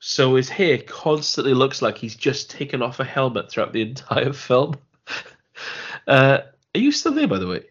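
A man's voice: medium pitch, big pitch swings, normal speed, husky, muffled recording. A man co-hosting a film podcast in a casual, rambling way, often repeating words and laughing as he talks. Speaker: podcast co-host.

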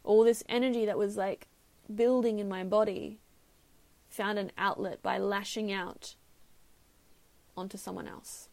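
A woman's voice: medium pitch, steady tone, unhurried, vocal fry, pauses often, a little mellow. A woman hosting a podcast, telling a personal story candidly and reflectively, sometimes laughing at herself. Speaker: podcast host.

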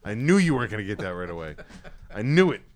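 A man hosting a casual podcast chat about music, excitable, profane and rambling. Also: fairly low pitch, quick pace, slight background noise. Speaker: podcast host.

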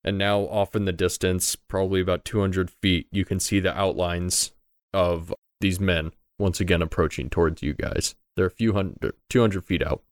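A man narrating as game master, relaxed and full of fillers. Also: sits low, normal speed, no echo, studio quality.

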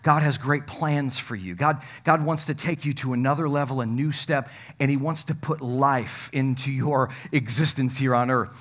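A male pastor preaching a sermon, emphatic and folksy, joking with the congregation and swinging from loud to hushed. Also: mid-range voice, steady tone, moderate pace, hardly any pauses.

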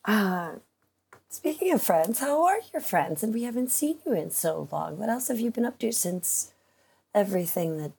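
A woman's voice: mid-range voice, lively intonation, normal speed, vocal fry, darkish tone, breathy edge. A woman player in a casual tabletop role-play, joking and giggling as she plays a cheeky ancient old lady. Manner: playful, giggly, jokey.

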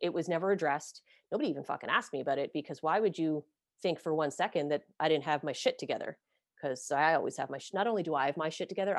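A woman's voice: deep voice, no room sound, clean studio sound. A woman host telling her own story candidly, blunt and self-deprecating, swearing freely. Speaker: podcast host being interviewed.

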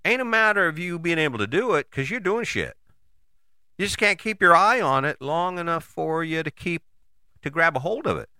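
A man giving a casual motivational talk, conversational and animated, with frequent rhetorical questions and the odd curse word. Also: fairly high pitch, normal speed, smooth, no room sound, studio quality. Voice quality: casual, swears freely. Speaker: motivational host. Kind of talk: motivational monologue.

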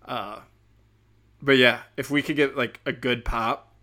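Male comic, podcast host, rambling and profane, mild speech impediment, mid-pitched. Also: fairly even intonation, measured pace, pushed and bright. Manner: rambling, profane, many fillers. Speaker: stand-up comedian and podcast host. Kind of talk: casual podcast monologue.

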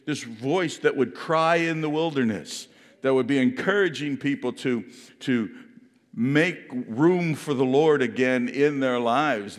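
A man preaching a sermon in an earnest, reflective way, often restarting and repeating words. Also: mid-range voice. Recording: long hall reverb.

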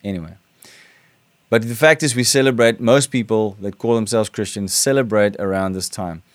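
A middle-aged man preaching a sermon, reading scripture slowly with rising emphasis and then talking about it in a relaxed, conversational way. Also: lowish voice, no room sound.

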